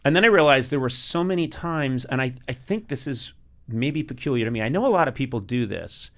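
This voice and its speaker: A middle-aged man telling funny stories in casual chat. He is animated, laughs often, and gets loud when he is excited. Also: medium pitch, a little fast. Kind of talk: comic storytelling chat.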